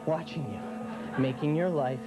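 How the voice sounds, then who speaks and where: A man's voice: steady tone, over loud music, lightly acted. A man playing a brooding, menacing man who lives under the theater seats, talking in a mock-Russian accent as part of a late-night sketch. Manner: brooding, threatening, slow and low.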